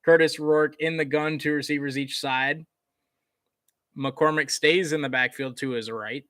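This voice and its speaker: A man giving casual live play-by-play commentary on a college football game, chatty, with fillers, getting excited on big plays. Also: fairly high pitch, a little slow, no room sound, studio quality.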